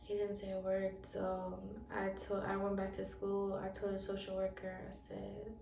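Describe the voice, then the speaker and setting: A woman telling an emotional personal storytime, halting and repeating phrases for emphasis. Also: mid-range voice, completely flat delivery, gravelly, dark tone, a little hiss or hum. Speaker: relationship wellness coach. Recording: roomy sound from a distant mic.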